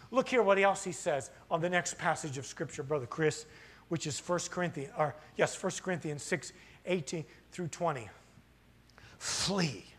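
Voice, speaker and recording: Husky, animated middle-aged pastor preaching. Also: male voice, on the high side. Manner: impassioned preaching that swells to loud, fired-up peaks; asks the congregation rhetorical questions. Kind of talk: sermon. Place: church sanctuary.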